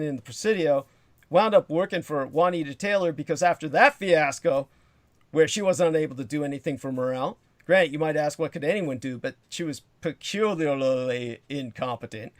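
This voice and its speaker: A man's voice: a little high, no room sound, studio quality. A man hosting a livestream, telling a long rambling story in a profane, digressive way and reading out comments from the chat as he goes. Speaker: livestream host.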